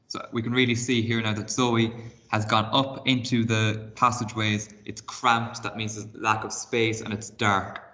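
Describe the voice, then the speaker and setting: A man's voice: medium pitch, bright, forceful tone. A man teaching a primary class by video, reading a novel aloud with expression and stopping to explain words and set reading tasks.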